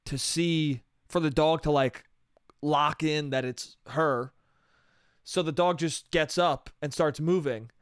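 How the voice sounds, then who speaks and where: A young man hosting a comedy podcast, telling a story in animated, profane, slangy style with lots of quoted voices. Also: fairly high pitch, smooth, no room sound, clean studio sound.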